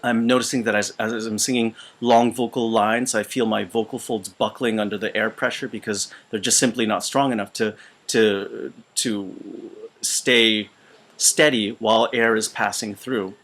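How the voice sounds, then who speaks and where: A man's voice: lowish voice, steady tone, fairly bright tone. Man with a weakened, out-of-shape voice. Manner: halting, with many fillers and restarts. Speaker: voice teacher and choir conductor. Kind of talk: casual instructional video. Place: small retreat room.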